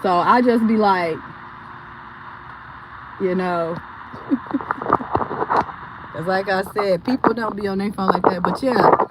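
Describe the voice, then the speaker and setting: A woman hosting her own channel, talking to viewers in an impassioned, preachy way that swings from shouting to low, muttered asides. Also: takes it slowly, pauses often, heavy background noise. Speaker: channel host. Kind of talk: impassioned livestream talk.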